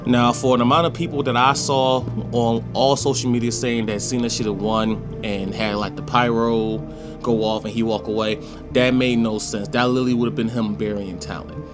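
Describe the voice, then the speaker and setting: A man's voice: mid-range voice, fairly even intonation, normal speed, over music. A man, passionately ranting in a casual opinion vlog and swearing freely. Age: 20s. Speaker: commentator.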